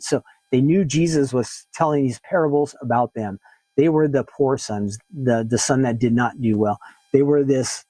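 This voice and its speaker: A man's voice: mid-range voice, warm tone, no room sound, low-quality recording. Man teaching a Bible lesson, dry sound. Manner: reads verses aloud and explains them plainly.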